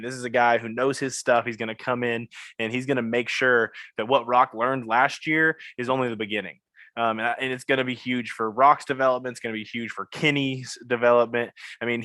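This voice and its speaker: Bright-toned man talking football analysis. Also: medium pitch, no room sound. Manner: analytical, frequent "um" and "I mean". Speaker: podcast co-host. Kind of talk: casual sports podcast chat.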